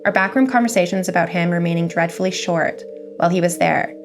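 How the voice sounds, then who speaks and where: A woman narrates a scary story in a measured, even way. Her voice is low and gravelly, and quiet music runs underneath. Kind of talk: scripted horror story reading.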